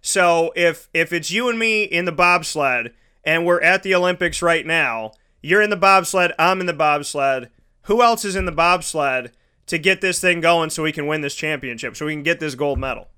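A man's voice: a little high, normal speed, bright, forceful tone, clean tone. A man hosting a casual interview, talking enthusiastically and rambling with restarts. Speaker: host.

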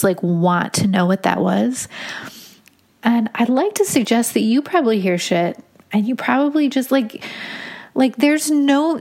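A young woman casually telling a personal story in a chatty, animated way, full of fillers. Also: mid-range voice. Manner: chatty, filler-heavy, animated retelling with laughs.

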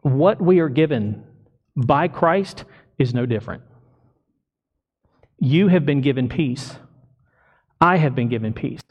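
A man's voice: medium pitch, animated, slow, pauses often, slightly rough, dull audio. A male pastor delivering a sermon to his congregation, emphatic and full of rhetorical questions. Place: church congregation.

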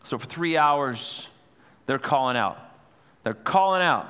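A male pastor preaching a sermon, telling a scripture story with animated, dramatized retelling. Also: mid-range voice, unhurried, clear, resonant tone. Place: church sanctuary. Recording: long reverb in a church hall.

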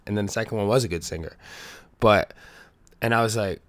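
A young man hosting his own podcast in casual chat, rambling and swearing a lot, loud and unable to whisper. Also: fairly low pitch, fairly quick, dry recording. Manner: loose, swears a lot, rambling with many restarts. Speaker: podcast host.

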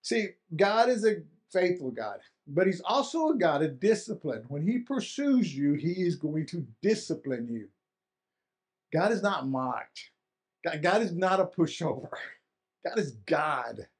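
Male pastor, casual, repeats words for emphasis, slightly high-pitched. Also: big pitch swings, a little slow. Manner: conversational, repeats and restarts for emphasis. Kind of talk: sermon.

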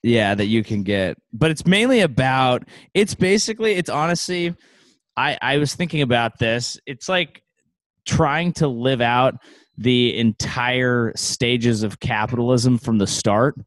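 A man of middling pitch talks loosely on a late-night home podcast call, wandering through his thoughts with wry asides. His voice sounds dry and close, with almost no room around it. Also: expressive, unhurried, no room sound. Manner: rambling, musing, wry. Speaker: podcast co-host. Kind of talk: casual late-night chat over a call.

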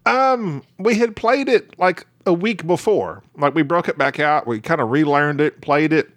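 A man's voice: on the high side, animated, moderate pace, a bit bright, no echo. A man with a Southern US accent co-hosting a casual chat, rambling and laughing often. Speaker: podcast co-host.

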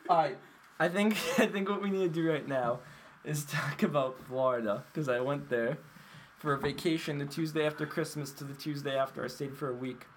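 A man's voice: on the high side, fairly quick, slight background noise. A man hosting a casual podcast chat, telling rambling stories and laughing often. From Massachusetts. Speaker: podcast host.

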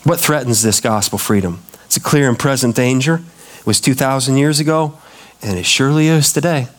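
A man's voice: medium pitch, fairly quick. A pastor preaching a sermon, emphatic and repetitive, putting questions to his congregation.

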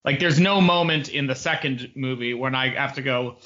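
A man's voice: mid-range voice, normal speed, highs cut off. A man co-hosting a podcast, chatting casually and rambling with plenty of fillers. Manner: relaxed, rambling with many fillers. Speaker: podcast co-host. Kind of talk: casual chat.

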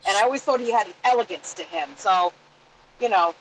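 A woman co-hosting a casual chat, warm and chatty, laughing easily and searching for words. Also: medium pitch, fairly quick, a little hiss or hum, low-quality recording. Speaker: co-host.

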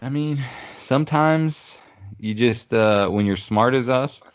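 A man's voice: medium pitch, takes it slowly, no room sound. A man co-hosting a podcast, rambling and joking in casual chat. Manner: rambling, joking, lots of fillers. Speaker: podcast co-host. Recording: dull lo-fi dry recording.

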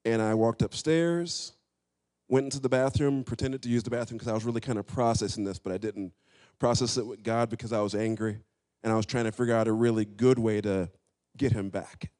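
A man's voice: lowish voice, fairly even intonation, brisk, a little mellow. Earnest man telling a personal story. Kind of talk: personal story in casual talk.

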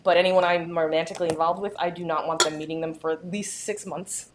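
A woman's voice: on the low side, fairly even intonation, fast, background noise. A woman talking candidly and earnestly as a guest in a casual chat, often restarting her sentences.

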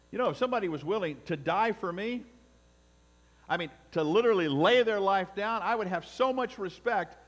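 A man preaching a sermon as pastor, building to emphatic peaks and dropping to quiet, deliberate phrases. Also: medium pitch. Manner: emphatic preaching with swells and drops in loudness. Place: church sanctuary. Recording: long reverb in a hall.

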